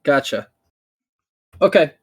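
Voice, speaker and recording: A man playing a board game, carefully restating the terms of a trade to make sure he understands. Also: slow. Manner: careful, restates deals to clarify. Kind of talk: casual game-table chat.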